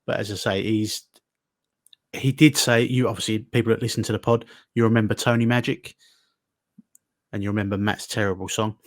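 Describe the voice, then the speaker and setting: A man, co-hosting a chatty podcast in a teasing, bantering way. His voice sits a little low and sounds dry and close, with no room around it. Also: fairly even intonation, fairly quick, pauses often, no room sound. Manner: bantering, reads aloud with laughs. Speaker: podcast co-host. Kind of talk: casual chat.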